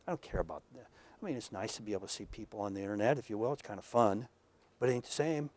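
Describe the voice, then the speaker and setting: A man giving a conversational lecture to a live audience, earnest and full of stories, dropping to a hush and then rising loud. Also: on the low side, rapid-fire. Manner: earnest, storytelling, swings from hushed to loud. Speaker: lecturer at professional workshop.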